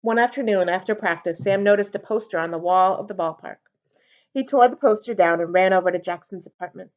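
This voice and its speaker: A woman reading a children's storybook aloud for a library storytime, expressive and animated. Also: medium pitch, a little fast. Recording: dull lo-fi recording.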